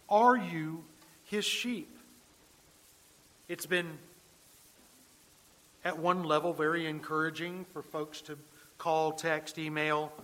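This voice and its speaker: A man's voice: high voice, a bit bright. A male pastor preaching a sermon, telling a story earnestly and often repeating words as he builds his point.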